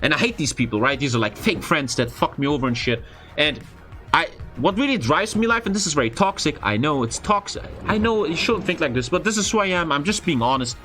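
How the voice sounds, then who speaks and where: A young man, a streamer, telling a story in casual, profane, expressive chat. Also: fairly high pitch, brisk, soft background music. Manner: profane, expressive, frequent swearing.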